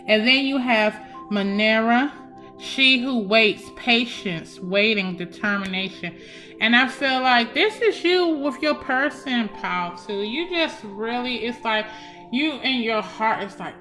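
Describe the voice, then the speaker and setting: A woman's voice: a little high, a little slow. A young woman giving a casual psychic love reading, emphatic and chatty, speaking straight to her viewers. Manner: warm, emphatic, addresses viewers as y'all. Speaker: tarot reader. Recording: faint background music.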